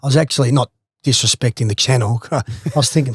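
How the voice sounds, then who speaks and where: A man's voice: fairly high pitch, brisk, no room sound, clean studio sound. A man with an Australian accent, a former footballer, casually telling a swimming story with laughs and swearing. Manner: animated, swears freely, laughs through stories.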